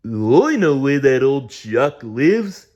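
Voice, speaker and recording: A man's voice: medium pitch, very animated, slow pace, warm tone, highs cut off, voice pushed up. A man voicing a matter-of-fact male animal friend in a children's story. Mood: knowing.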